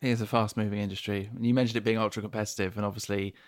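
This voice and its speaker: A man's voice: on the low side, little pitch movement, very fast. Enthusiastic male podcast host. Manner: enthusiastic, chatty questioner. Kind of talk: casual interview chat.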